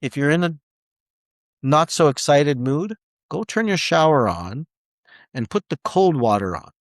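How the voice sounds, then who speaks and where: A man in his forties giving a rambling, animated motivational talk as a self-help speaker, with many restarts. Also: mid-range voice, no echo, studio quality. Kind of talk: motivational monologue.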